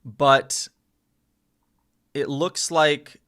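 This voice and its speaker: A man's voice: a little high, little pitch movement, drawn-out words, a bit bright, smooth. A man streaming live, learning a language and thinking aloud, repeating phrases and correcting himself. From United States. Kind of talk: casual live-stream self-study.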